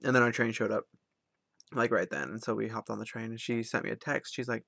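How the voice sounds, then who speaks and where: Young guy rambling on his vlog, gravelly voice, dry sound. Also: fairly low pitch, steady tone, a little fast, fairly bright tone, dry recording. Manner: rambling, lots of ums and likes. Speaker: vlogger. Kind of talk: casual storytelling vlog.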